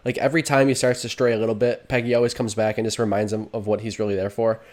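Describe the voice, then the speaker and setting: A man co-hosting a casual podcast chat, talking in a quick, earnest way with fillers. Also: on the low side, flat delivery, darkish tone. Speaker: podcast co-host.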